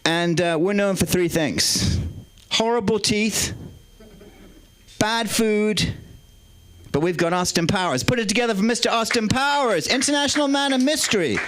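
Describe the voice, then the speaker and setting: A man's voice: high-pitched, normal speed, fairly bright tone, a little hiss or hum. A man doing a crude, rambling stand-up set and working the crowd with call-and-response. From England. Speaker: stand-up comedian.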